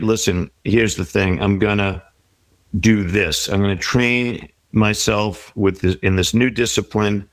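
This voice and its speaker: Middle-aged guy, lowish voice, thoughtful advice-giving chat, dry close sound. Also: no room sound. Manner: reflective, advice-giving, with quoted inner voices. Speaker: guest. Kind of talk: conversational interview.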